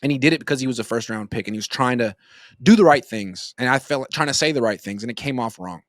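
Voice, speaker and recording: A man's voice: mid-range voice, fast talker, no echo, clean studio sound. A man in his thirties giving casual sports commentary as a rambling, joking storyteller. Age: 30s.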